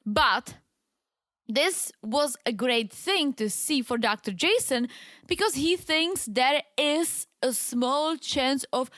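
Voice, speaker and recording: A woman's voice: high-pitched, animated, slow, fairly bright tone, no room sound, studio quality. A woman co-hosting a podcast, giving opinionated reality TV recaps and acting out quotes. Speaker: podcast co-host. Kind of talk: casual reality TV recap chat.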